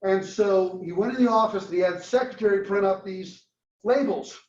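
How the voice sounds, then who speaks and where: A man lecturing a marketing class, telling a story and acting out its dialogue in a lively way. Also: sits high, moderate pace. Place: lecture room. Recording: roomy, distant, dull classroom recording.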